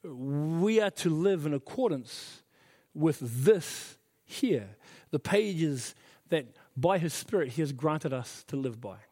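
A man's voice: fairly high pitch, lively intonation, slow pace, mellow. A middle-aged man preaching a sermon as pastor, earnest and emphatic, repeating his key phrases. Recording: reverberant hall.

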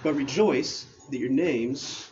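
A man preaching a casual, excited sermon, talking with slang and restarting his phrases as he reads scripture. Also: medium pitch, slow pace, muffled recording, noisy background.

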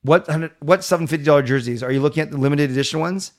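A middle-aged man hosting a live stream, reading viewer comments aloud and answering them in a relaxed, chatty way. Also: on the high side, rapid-fire. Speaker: livestream host reading chat. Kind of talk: casual chat.

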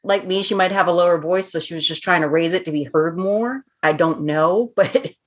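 A woman's voice: fairly low pitch, moderate pace. A woman of about fifty co-hosting a podcast, talking in a chatty way and laughing often. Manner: chatty, laughs often, says she raises her voice to carry. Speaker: podcast co-host. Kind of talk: casual chat.

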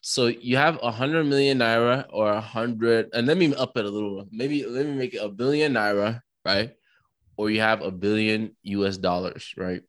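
Hoarse guy with a lowish voice chatting on a podcast, dry sound. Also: fairly even intonation, normal speed, no echo. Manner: agreeable, frequent backchannel "right". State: hoarse from illness. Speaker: podcast co-host. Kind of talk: casual chat.

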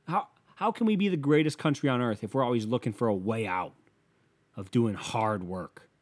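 A man hosting a show rants in a casual, comedic way, swearing freely and sounding exasperated. His voice sits at an ordinary middle pitch, and he punches points with sudden loud bursts. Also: moderate pace. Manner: profane, exasperated, loud emphatic outbursts.

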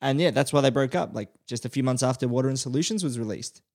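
A podcast host talking casually at a middle pitch. He tells the story easily and slips into quoted lines. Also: quick pace, a little mellow. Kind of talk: casual chat.

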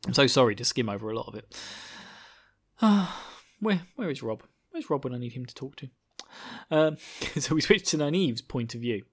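A man's voice: mid-range voice, expressive, normal speed, husky. A man casually recapping a book chapter, rambling and laughing often, slipping into silly voices for the characters. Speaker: book discussion podcaster.

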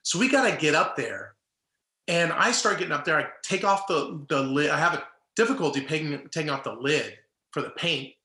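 A former baseball player, a middle-aged man appearing as a guest, tells an animated story in casual chat and acts out the people in it. His voice is on the high side and moves at normal speed, in an echoey room.

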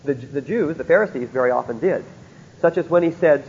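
A man's voice: medium pitch, quick pace, a little mellow, husky. A man teaching a Bible lecture, often stopping to ask his listeners rhetorical questions to check they follow. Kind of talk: recorded theology lecture. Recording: dull lo-fi recording in a reverberant hall.

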